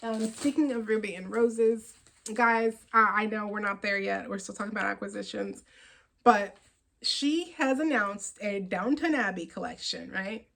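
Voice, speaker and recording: A woman hosting a knitting podcast, chatting casually about her yarn purchases in an excitable, rambling way with frequent laughs. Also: mid-range voice, moderate pace, creaky, poor audio.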